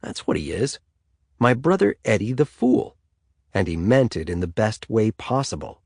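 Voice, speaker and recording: A male audiobook narrator with a lowish voice and a lively, expressive, rising and falling reading. Close, dry studio sound. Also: normal speed, slightly rough, dry recording. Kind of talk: scripted third-person narration.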